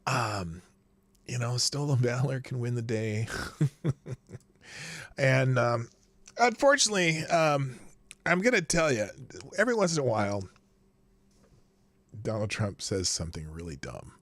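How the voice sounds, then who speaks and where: Chatty host. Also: male voice, medium pitch, sing-song, measured pace, pauses often, fairly bright tone, no echo. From upper Midwest of the United States. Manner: rambling, chuckling, many fillers and restarts. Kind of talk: casual live show chat.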